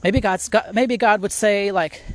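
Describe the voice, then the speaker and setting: A man's voice: sits high, a little slow, fairly bright tone, dry recording. A middle-aged man hosting a podcast, giving a casual devotional talk while walking outdoors, thinking aloud with restarts. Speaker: podcast host.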